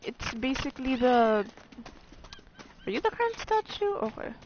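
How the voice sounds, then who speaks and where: A woman's voice: high-pitched, big pitch swings, moderate pace, darkish tone. Chatty woman gamer, lo-fi noisy recording. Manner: chatty, laughs often, talks back to game characters. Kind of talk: casual let's play commentary. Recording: dull lo-fi sound with clear background noise.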